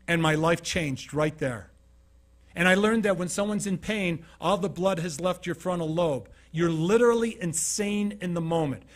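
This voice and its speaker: A man from Utah giving a motivational keynote talk, telling stories conversationally and asking the audience questions. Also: a little high. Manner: conversational storytelling, asks the audience questions, acts out scenes. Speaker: keynote speaker.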